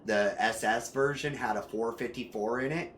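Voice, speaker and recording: Streaming a game, a man gives casual commentary at medium pitch and a moderate pace, with slight background noise. He rambles, full of fillers and restarts, and turns loud and excited whenever cars come up.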